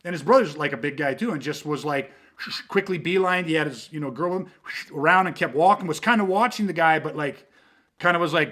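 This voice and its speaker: A man's voice: on the high side, fairly quick, fairly bright tone. A man, a self-defense instructor, telling stories in a casual podcast chat, rambling and swearing, with lots of "you know what I mean".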